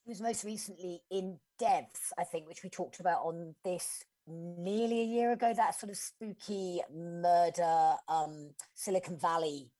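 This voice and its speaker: A woman's voice: on the low side, steady tone, a little slow, hardly any pauses, mellow. A woman co-hosting a podcast, casually talking about an actress with wry, dry understatement. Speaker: podcast co-host.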